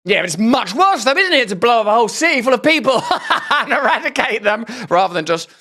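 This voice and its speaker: Sardonic, lively man hosting commentary. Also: extremely high pitch, fairly quick. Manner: sardonic, rambling, theatrical asides. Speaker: commentary host. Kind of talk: satirical reaction commentary.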